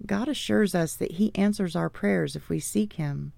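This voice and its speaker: A woman's voice: fairly low pitch, normal speed, vocal fry, darkish tone, no echo. A woman reading her own memoir audiobook, telling an earnest, faith-filled story.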